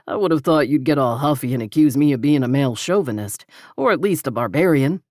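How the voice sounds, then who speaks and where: A woman's voice: very deep voice, animated, a little fast, a little mellow, dry recording, clean studio sound. A woman voicing a guarded, protective grown rancher man who answers in short, blunt lines. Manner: terse, clipped replies.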